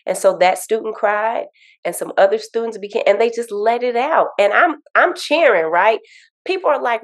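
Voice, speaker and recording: A woman grief coach talking in an interview, earnest and animated, telling stories and repeating affirmations. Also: a little high, normal speed. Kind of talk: interview conversation.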